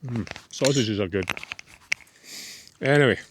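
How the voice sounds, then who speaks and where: A man's voice: lowish voice, normal speed, noisy background. A Scottish man vlogging casually from an outdoor forest campsite, thinking aloud in an easygoing, rambling way. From Scotland. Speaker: camping vlogger. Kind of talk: casual solo vlog chat.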